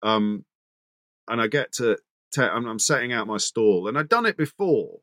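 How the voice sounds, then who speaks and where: A man's voice: medium pitch, animated, moderate pace, pushed and bright, no room sound, clean studio sound. A middle-aged male radio presenter telling anecdotes in a chatty interview, stumbling over restarts as he goes. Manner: chatty anecdotal, frequent restarts and repeated words. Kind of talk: conversational interview storytelling.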